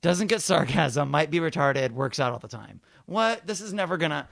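A man hosting a show, telling a story in a casual, animated and profane way. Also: on the high side, normal speed, gravelly, dry recording. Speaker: podcast host. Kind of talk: casual chat.

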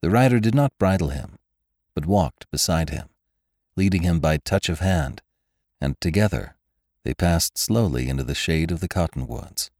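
A man narrating a classic western novel in a measured, even storytelling manner. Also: low voice, no room sound, studio quality. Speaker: audiobook narrator.

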